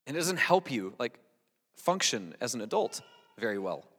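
A male pastor delivers a casual, animated sermon at an ordinary middle pitch. He speaks directly to his listeners, doubling back and repeating words as he goes. His voice rings out with a long reverb tail, as in a large sanctuary. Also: moderate pace, husky. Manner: lively, talks straight to the congregation, restarts and repeats words. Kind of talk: conversational sermon.

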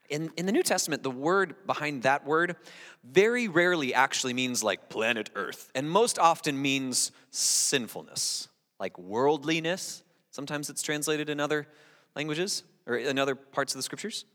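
A male pastor giving a conversational sermon, lively and talking straight to the congregation, often restarting and repeating words. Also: on the high side. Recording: long reverb in a large hall.

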